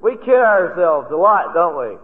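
An older man delivers a sermon in a folksy, storytelling way, leaning hard on key words when he makes a point. His voice sits fairly high. The recording is thin and tinny, with a long reverb from a large hall. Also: very animated, measured pace. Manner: folksy storytelling, rising to emphatic stresses. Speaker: preacher. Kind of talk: sermon with personal stories.

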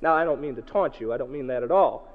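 A man preaching a sermon to a congregation, swinging from loud to hushed and acting out the people he quotes. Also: medium pitch, quick pace. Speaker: pastor. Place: church hall. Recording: dull, echoey hall recording.

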